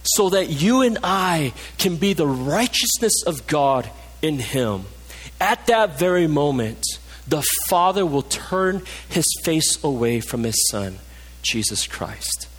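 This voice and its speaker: A pastor preaching a passionate sermon, dropping low and soft for emphasis, in a church. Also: male voice, big pitch swings, slow, husky. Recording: long reverb of a hall.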